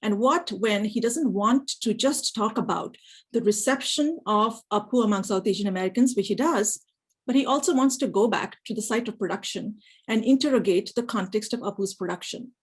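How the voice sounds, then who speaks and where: A woman giving an academic lecture, thoughtful and measured, with frequent "you know" fillers. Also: mid-range voice, husky, poor audio.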